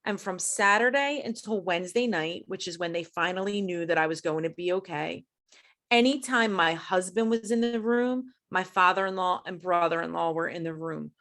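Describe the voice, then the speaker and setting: A middle-aged woman, a podcast guest, telling a personal story in a high-strung, animated way, jumping in pitch when she quotes herself. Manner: animated, acts out quoted voices with big pitch jumps; high-strung, fast-talking. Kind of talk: storytelling in an interview.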